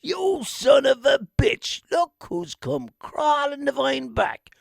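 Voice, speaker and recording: An Irish man voicing a jilted, sneering talking hoodie that taunts in loud bursts. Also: very high voice, big pitch swings, slow pace, gravelly, no room sound, clean studio sound, voice pushed up, exaggerated voice. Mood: taunting. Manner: mocking, taunting, shouted bursts.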